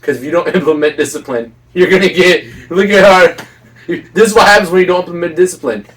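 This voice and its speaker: A man's voice: high-pitched, quick pace, a bit bright, far from the mic. A man co-hosting a casual talk podcast, earnest and preachy, laughing often as he makes his points. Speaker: podcast co-host. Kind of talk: casual opinion chat.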